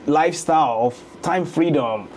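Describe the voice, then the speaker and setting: A Nigerian-accented man in his thirties from Lagos, a real estate investor, tells his story as a guest in a casual interview, laughing easily. His voice is fairly high and moderately paced, with noise in the background.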